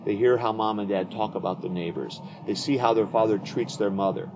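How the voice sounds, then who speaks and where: A man's voice: lowish voice, a little fast, background noise. A man speaking earnestly in a conversation about faith and family, often repeating words as he restarts. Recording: dull lo-fi audio.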